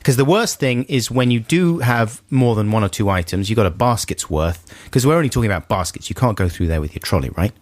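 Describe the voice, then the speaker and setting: A man's voice: fairly low pitch, lively intonation, brisk, few pauses, dry recording. A man co-hosting a radio show, chatting casually in a rambling, jokey way that often breaks off mid-sentence. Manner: rambling, jokey, self-interrupting. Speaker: radio co-host. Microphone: studio microphone.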